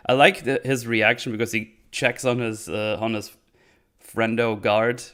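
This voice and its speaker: A man's voice: mid-range voice, little pitch movement, unhurried, pushed and bright, clean tone. A man giving casual livestream commentary on a TV show, rambling and hesitant as he thinks aloud. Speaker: streamer reviewing a TV show.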